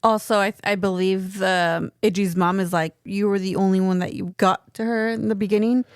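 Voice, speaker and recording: A woman's voice: medium pitch, fairly even intonation, brisk, clean tone, no echo, clean studio sound. A young woman co-hosting a casual movie podcast, chatting and teasing playfully. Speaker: podcast co-host.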